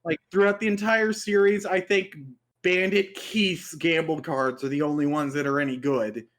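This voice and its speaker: A man's voice: a little high, fairly even intonation, normal speed, fairly bright tone. A man co-hosting a casual review podcast, rambling and correcting himself as he jokes. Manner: rambling, self-correcting, jokey. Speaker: podcast co-host. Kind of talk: casual chat.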